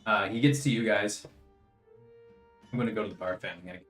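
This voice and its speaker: Relaxed man as game master, low voice, roomy echo, soft music underneath. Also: brisk. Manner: easygoing, chuckles often. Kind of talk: narrating a tabletop game. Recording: echoey room, faint music.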